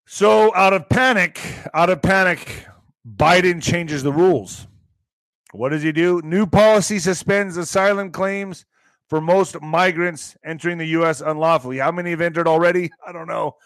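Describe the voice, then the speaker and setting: Brief: mocking male vlogger doing news commentary, high voice, dry close sound. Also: moderate pace, fairly bright tone, no room sound. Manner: brash, mocking, profane.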